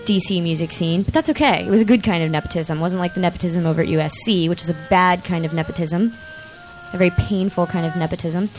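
A woman in her thirties hosting a casual chat show, rambling and excitable with lots of fillers. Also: fairly low pitch, fast, soft background music. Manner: excitable, animated outbursts. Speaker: podcast host.

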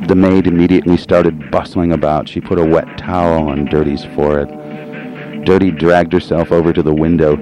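A man narrating a literary audiobook in a somber, measured, brooding manner. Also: rumbling low, steady tone, poor audio. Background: music.

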